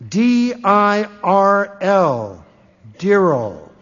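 A man hosting a live radio word game, teasing the players with drawn-out reveals before an audience. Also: high voice, very animated, fairly bright tone, long reverb tail, dull audio. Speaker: quiz show host.

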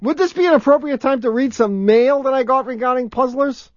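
A man's voice: very high voice, a little fast, dry recording. A man co-hosting a radio show, bantering and reading listener mail, often breaking into giggling laughter. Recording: dull lo-fi radio broadcast.

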